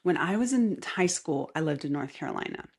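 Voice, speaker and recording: Husky low-voiced woman with a Southern lilt. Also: lively intonation, fairly quick. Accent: light Southern US. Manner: chatty, rambling, laughs often, drops to soft asides. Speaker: podcast host. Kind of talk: casual solo podcast talk. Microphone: camera mic facing the speaker.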